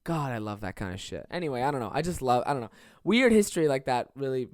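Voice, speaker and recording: A podcast host talking through a casual comedic monologue, rambling and swearing freely, with lots of fillers and asides. Now and then the host slips into quick put-on voices to act out other people. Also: mid-range voice, expressive, darkish tone, no echo, clean studio sound. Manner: acts out quoted people in shifting voices.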